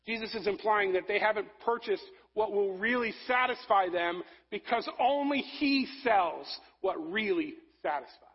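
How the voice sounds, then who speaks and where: A man preaching a sermon, rising to loud emphasis and dropping to soft, low passages. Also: animated, normal speed, few pauses, breathy edge, highs cut off. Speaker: pastor.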